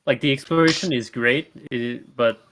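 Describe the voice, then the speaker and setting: A man co-hosting a gaming podcast in casual chat, speaking in a measured, easygoing way. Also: medium pitch, fairly bright tone. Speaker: podcast co-host.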